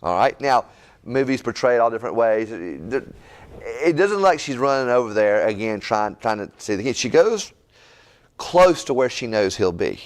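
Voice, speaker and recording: A man's voice: medium pitch, moderate pace. A middle-aged male pastor, teaching a conversational Bible-study sermon in a folksy, repetitive way. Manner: animated, folksy, repeats words and asks "right?".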